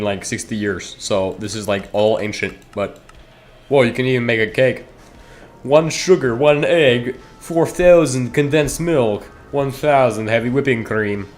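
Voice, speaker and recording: While streaming a game, a man chats with viewers in a mid-range voice at a moderate pace. He addresses chat directly, rambling and breaking off his own sentences.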